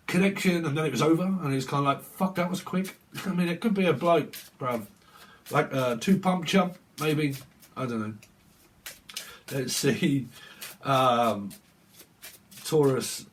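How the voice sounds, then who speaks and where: A man's voice: mid-range voice, unhurried, pauses often, slight background noise. Laughing man, off-mic. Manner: swearing, laughing, acting out quoted voices. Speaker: tarot reader. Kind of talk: casual tarot reading monologue. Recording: voice a bit far from the mic.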